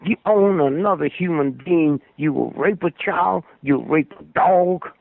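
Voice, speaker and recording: An older man talks as a radio guest in a preachy, rambling monologue and keeps pressing his listener for agreement. His voice is gravelly and sits a little high for a man. It comes through a thin, tinny phone line with a dry sound. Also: measured pace, no room sound. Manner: preachy, asks "Hmm?" for agreement.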